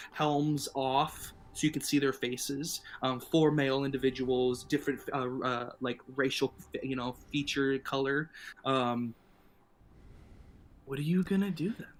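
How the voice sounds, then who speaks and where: A man running a tabletop game as game master, narrating casually with many fillers. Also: medium pitch.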